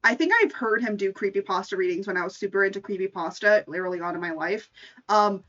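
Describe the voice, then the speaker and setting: A woman's voice: mid-range voice, steady tone, fairly quick, fairly bright tone. A woman streamer in casual chat, rambling and stammering through restarts, laughing often. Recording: distant mic, dull lo-fi sound, faint music behind.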